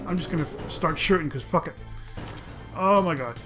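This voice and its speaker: A man giving excitable, profane gameplay commentary, often breaking into loud outbursts, over game music. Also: fairly high pitch, normal speed. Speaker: let's play host.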